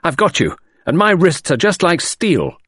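A man's voice: a little high, very animated, normal speed, a bit bright, slightly rough, no echo, voice pushed up, full character voice. A man voicing a bold young female acrobat with brash, confident retorts. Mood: cocky.

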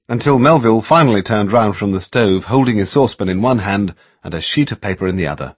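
A man's voice: low-pitched, brisk, husky, no echo. A man narrating an audiobook expressively. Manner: expressive storyteller doing many voices.

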